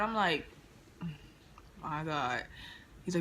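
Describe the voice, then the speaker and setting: A young woman in a casual storytime vlog, retelling an encounter with lively slang and quoted dialogue. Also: lowish voice, slow, pauses often. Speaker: vlogger. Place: indoors near a street, car noise outside.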